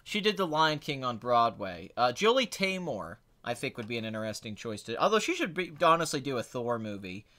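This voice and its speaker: A man hosting a podcast responds to chat questions with casual movie talk, blunt, sarcastic and strongly opinionated, veering from flat to excited. His voice is medium-pitched and brisk, with few pauses.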